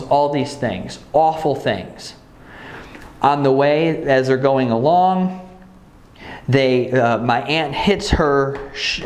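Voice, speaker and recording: Guy telling his own sad childhood story, earnest, restarts a lot, echoey room. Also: medium pitch. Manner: earnest and emotional, with frequent restarts. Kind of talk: personal storytelling.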